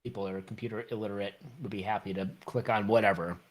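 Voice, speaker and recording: A man's voice: lowish voice, fairly even intonation, quick pace. A man co-hosting a podcast, joking around and telling a rambling story in casual chat. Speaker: podcast co-host.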